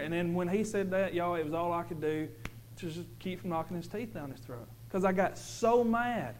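A man's voice: sits high, normal speed, poor audio. A man giving an earnest, emphatic personal testimony to a congregation as a father, stumbling and repeating himself.

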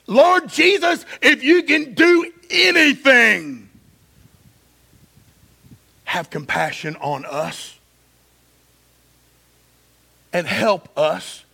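A man's voice: sits high, expressive, measured pace, gravelly, sharp tone, slightly rough, pitched above the performer's own voice, heavily acted. A preacher voicing a desperate pleading father. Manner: pleading, voice rising to cries. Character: desperate middle-aged father begging for his son. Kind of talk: dramatic scripture reading.

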